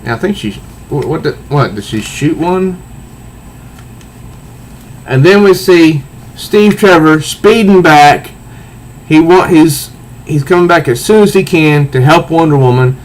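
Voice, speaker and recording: A man casually reviewing a comic book, recounting panels in a halting way with repeated words. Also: a little high, animated, rough recording.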